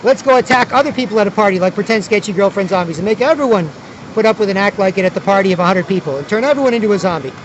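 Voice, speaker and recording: A man's voice: sits high, rapid-fire, dull audio, slight background noise. A man vlogging outdoors in a city plaza, rambling and repetitive, often tagging his points with "right?". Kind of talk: rambling outdoor vlog monologue.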